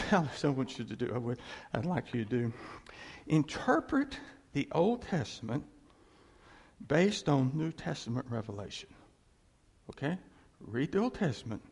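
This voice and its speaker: A man's voice: medium pitch, gravelly, slightly rough. A man preaching an informal sermon in a folksy way, repeating his points and chuckling between phrases.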